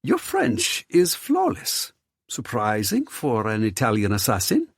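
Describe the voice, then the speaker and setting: A man's voice: lowish voice, wildly swooping pitch, measured pace, breathy edge, no echo, clean studio sound, voice pushed up, full character voice. A man putting on a gushing flamboyant man. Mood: teasing. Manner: gushing, teasing, theatrical. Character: flamboyant effusive man in silk and eyeliner.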